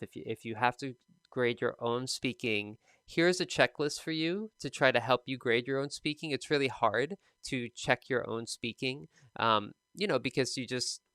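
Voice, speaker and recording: Bright, crisp-voiced man teaching. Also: mid-range voice, dry recording, studio quality. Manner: casual and conversational, many fillers. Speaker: TOEFL speaking teacher. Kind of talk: recorded lesson giving feedback.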